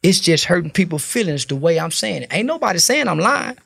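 A man's voice: sits high, sing-song, a little fast, gravelly, fairly bright tone. A man from Fort Worth, giving an interview in blunt, profane, preachy street talk. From Fort Worth, Texas. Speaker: interview guest.

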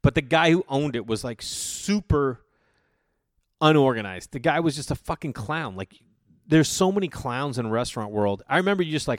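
A man's voice: fairly high pitch, lively intonation, moderate pace, dry recording. Male podcast host, rambling profane storyteller, dry close sound. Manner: rambling, profane, frequent fillers and restarts. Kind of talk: casual solo storytelling.

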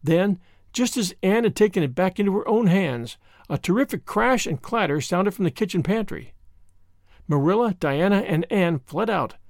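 A man narrating a classic novel in an expressive, measured storybook reading. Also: high-pitched, dry recording, studio quality.

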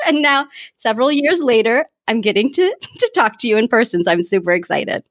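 A woman's voice: a little high, animated, brisk, a bit bright, no room sound, clean studio sound. An American woman hosting a podcast, introducing and chatting with her guest in a gushing, enthusiastic way. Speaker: podcast host. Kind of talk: podcast interview.

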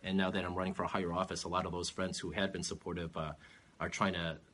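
A man with a very low, deep voice gives calm, measured interview answers, pausing often on "uh" as he builds his points. A faint room ambience sits quietly behind him. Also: a little hiss or hum. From California. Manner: measured, steady, with many "uh" fillers. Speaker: political candidate.

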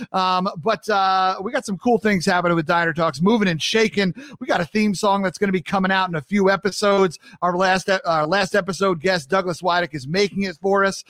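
A man from New York hosts his podcast in a loose, joking monologue, often repeating his own lines. His voice sits high for a man and sounds upbeat. The recording is dry, with no room sound. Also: fairly bright tone, no echo. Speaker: podcast host. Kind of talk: casual chat monologue.

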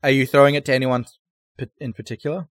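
A man running a tabletop horror game as game master, narrating scenes in a measured, slow way. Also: medium pitch, level tone, clear, resonant tone, no room sound, studio quality.

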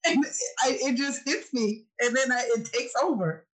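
A woman's voice: fairly high pitch, normal speed, hardly any pauses, a bit bright, poor audio. A woman co-hosting a casual chat, telling stories in an earnest, emotional way. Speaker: co-host.

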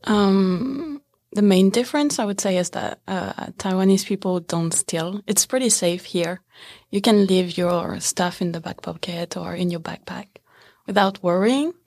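A young French woman with a French accent, answering interview questions in English in a hesitant, halting way with lots of "uh" and "um.". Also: medium pitch, darkish tone, dry recording, studio quality. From France. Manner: hesitant, halting, laughs easily. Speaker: interview guest. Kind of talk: casual interview chat.

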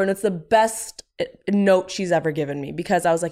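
A woman's voice: fairly low pitch, a little fast, hardly any pauses, darkish tone. A woman author being interviewed, talking candidly and with animation about her writing. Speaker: author and guest. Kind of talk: casual interview talk.

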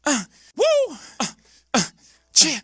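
Guy doing a high squeaky rapper yelling ad-libs, slow drawn-out whoops. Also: huge pitch swings, full character voice. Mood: hyped. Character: hyped male rapper ad-libbing over a beat.

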